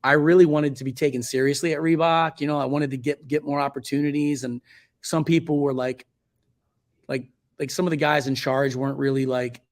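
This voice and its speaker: With a flat, brisk delivery, a man in his forties from Virginia Beach, United States, tells stories as a guest photographer in a casual interview. He rambles loosely with lots of fillers and self-corrections, and acts out quoted speech in a much higher voice.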